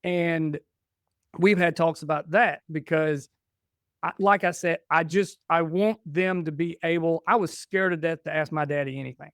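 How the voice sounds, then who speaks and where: A man's voice: on the high side, moderate pace, clear, resonant tone, dry recording, clean studio sound. A man in his forties, a podcast guest, telling stories in casual chat and acting out the dialogue. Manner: animated, acts out dialogue in stories.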